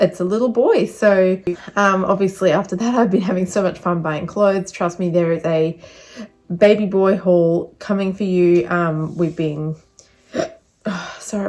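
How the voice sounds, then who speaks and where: A woman's voice: medium pitch, a little mellow. A young woman giving a casual vlog update, chatty and rambling, a little out of breath. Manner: chatty, rambling with many fillers. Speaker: vlogger.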